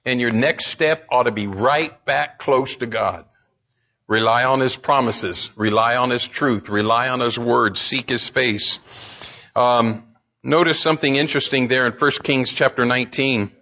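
A man preaching a sermon in an animated, conversational way, repeating lines for emphasis. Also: medium pitch, measured pace, lo-fi sound. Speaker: pastor.

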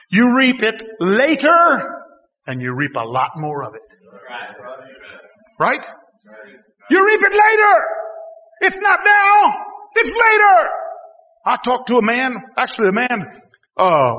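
A man preaching a sermon to a congregation, talking to them directly, laughing at times and rising to shouts. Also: high voice, in a large hall. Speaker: pastor. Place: church hall.

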